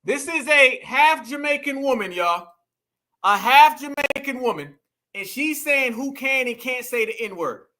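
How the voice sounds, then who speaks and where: A man's voice: very high voice, lively intonation, measured pace, pushed and bright. A man hosting a reaction commentary, addressing viewers as "y'all" and "family" and repeating phrases for emphasis. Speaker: commentary host.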